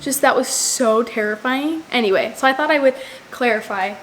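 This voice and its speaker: A woman's voice: fairly high pitch, moderate pace, fairly bright tone, faint music behind. A young woman telling a personal story to the camera in a casual, rambling way, full of "like". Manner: rambling, heavy use of "like". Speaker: vlogger.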